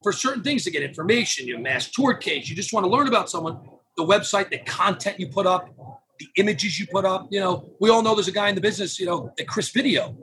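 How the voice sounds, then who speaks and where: A man with a high voice talks as an interview guest, lively and quick to act out what other people say. Faint noise sits under his voice. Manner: animated, acts out clients' quotes. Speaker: podcast guest, phone number business owner. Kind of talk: casual interview talk.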